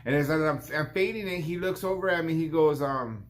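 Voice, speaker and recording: A man's voice: on the high side, brisk. Chatty barber in his fifties. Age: 50s. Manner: rambling, acts out the client's lines in a raised voice. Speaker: barber and vlog host. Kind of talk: casual storytelling vlog.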